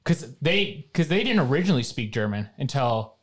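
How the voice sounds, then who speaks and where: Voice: medium pitch, very animated, moderate pace. A co-host in a casual podcast chat, crude and joking.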